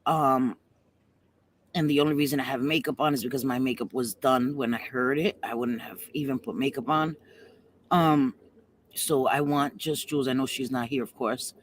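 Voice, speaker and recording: A woman's voice: rumbling low, steady tone, normal speed, slight background noise. A woman hosting a casual livestream, chatty and affectionate with viewers, at times fighting back tears. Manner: chatty, calls viewers sweetie pie. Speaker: livestream host.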